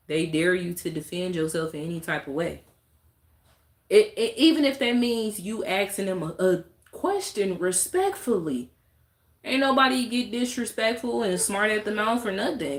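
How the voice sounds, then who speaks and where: A woman streaming live, talking in a blunt, exasperated, rambling way to her viewers. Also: on the low side. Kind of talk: casual live-stream rant. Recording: roomy echo.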